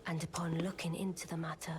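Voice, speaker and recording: An actress voicing a mysterious witch in a video game, speaking in a hushed, breathy whisper with old-fashioned formal phrasing. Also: on the low side, flat delivery, quick pace, a crowd in the background, lightly acted. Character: mysterious soft-spoken witch woman.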